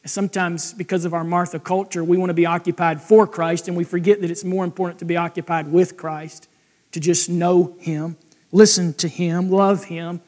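High-voiced male pastor. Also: level tone, normal speed, darkish tone. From United States. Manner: conversational, asks the congregation questions. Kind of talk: sermon.

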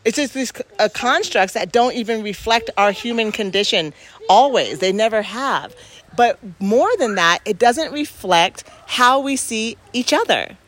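A woman's voice: fairly high pitch, lively intonation, a little slow, a bit bright. A woman in casual reflective talk, speaking earnestly and emphatically and restarting her sentences as she thinks aloud.

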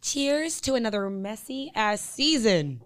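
Animated teasing young woman podcaster. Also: on the high side, measured pace, no echo, clean studio sound. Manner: animated, teasing, swears freely. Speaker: podcast co-host. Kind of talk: casual chat.

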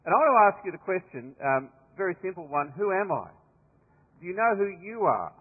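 Australian preacher in an echoing hall. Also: male voice, high voice, brisk, husky. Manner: conversational storytelling, relaxed and earnest. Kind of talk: sermon. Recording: tinny lo-fi line with long hall reverb.

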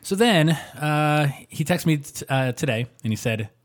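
A man co-hosting a podcast, telling animated stories with lots of fillers and quick laughs. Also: a little high. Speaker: podcast co-host. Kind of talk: casual chat.

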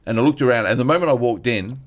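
Comedian telling raw stories. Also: male voice, medium pitch, rapid-fire. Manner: earnest, animated retelling with acted-out quotes. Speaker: stand-up comedian guest. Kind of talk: candid conversational storytelling.

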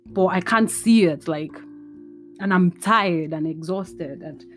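A woman's voice: on the low side, takes it slowly, faint music behind. A woman hosting a casual solo podcast, tired and emotional, rambling and mixing in Yoruba phrases. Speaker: podcast host. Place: indoors at home.

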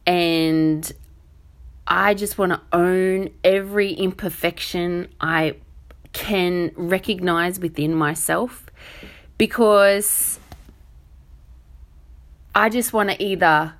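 A woman's voice: fairly low pitch, steady tone, takes it slowly, pauses often. A middle-aged woman hosting her own podcast, talking in a rambling, self-deprecating, chatty way with lots of fillers. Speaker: podcast host. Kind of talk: casual solo podcast monologue.

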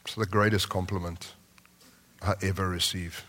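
A man preaching a sermon in a large church hall, moving between impassioned lines and soft, prayerful tones. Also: sits low, flat delivery, moderate pace. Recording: long reverb of a large hall.

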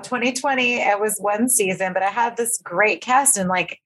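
A woman's voice: medium pitch, normal speed, a bit bright. A young woman chatting casually on a podcast, laughing often and trailing off mid-sentence. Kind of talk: casual chat.

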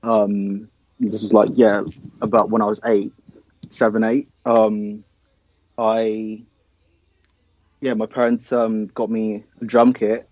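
A man's voice: fairly low pitch, takes it slowly, pauses often, dry recording, highs cut off. A young man from Nigeria, a band's drummer, chatting casually in an interview and often saying "um" and "man". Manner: relaxed, filler-heavy, says man and dude. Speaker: band drummer.

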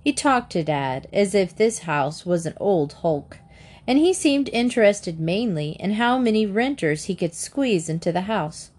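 A woman reading a children's book aloud in a gentle, expressive narration. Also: medium pitch, unhurried. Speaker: audiobook narrator.

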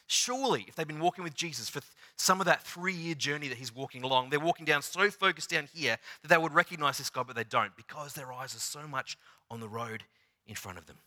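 Bright-voiced preacher man. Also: a little high, brisk. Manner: dramatic, swings from loud to hushed, retells scenes in acted voices. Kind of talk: sermon.

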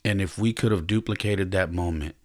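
A man's voice: sits low, fairly quick. A man hosting a podcast, telling a personal story in a reflective, earnest way, often stopping and restarting his sentences. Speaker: podcast host.

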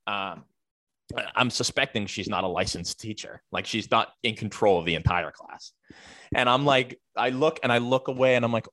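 A man's voice: lowish voice, moderate pace, fairly bright tone, no room sound, studio quality. A man who works as a teacher, telling a casual story with lots of fillers and the odd swear word. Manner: rambling, filler-heavy, profane.

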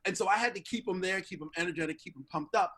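Middle-aged male guest, high voice, animated storyteller. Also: fast, husky. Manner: animated, acts out quoted voices. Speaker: interview guest. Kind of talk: casual storytelling.

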